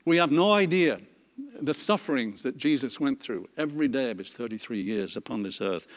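A man's voice: mid-range voice, expressive, brisk. A man leading a Bible study, reading scripture aloud earnestly, with frequent fillers and restarts. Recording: long hall reverb.

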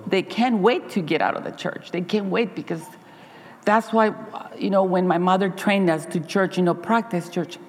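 A woman's voice: fairly low pitch, normal speed, long reverb tail. A woman Sabbath school teacher giving an earnest, heartfelt personal testimony to her church congregation, often restarting her sentences.

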